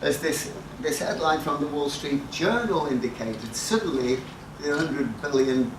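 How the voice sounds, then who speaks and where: A man's voice: on the high side, a little slow. Profane, wry older man in an echoey hall. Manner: dry, profane, self-mocking storytelling. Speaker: conference speaker. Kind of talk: anecdotal talk to a live audience. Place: lecture hall with audience. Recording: echoey hall, mic at a distance, noisy.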